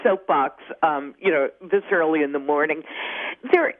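A middle-aged woman guest author talking on a radio show, animated and talkative. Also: deep voice, normal speed, dry recording. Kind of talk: radio interview over the phone. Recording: tinny phone line.

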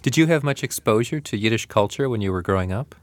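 A man's voice: on the low side, expressive, fast, no echo. A man interviewing a guest on radio, asking curious, thoughtful questions with small hesitations.

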